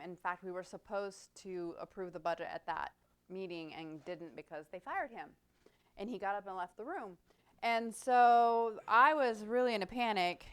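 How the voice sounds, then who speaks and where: A middle-aged woman, telling an animated, self-deprecating story about her career as a city manager to a club. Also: mid-range voice, clean tone. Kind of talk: storytelling talk.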